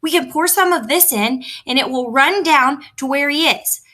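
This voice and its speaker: An eager, impulsive boy pipes up with schemes and grumbles in a slightly whiny tone, as a woman reading aloud voices him. The voice is bright and a touch higher than usual. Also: normal speed. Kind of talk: storybook read-aloud.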